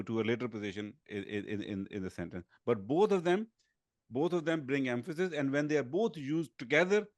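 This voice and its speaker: A man's voice: medium pitch, a little mellow, no echo. A man teaching an Arabic grammar class, explaining carefully with frequent hesitations. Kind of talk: online class discussion.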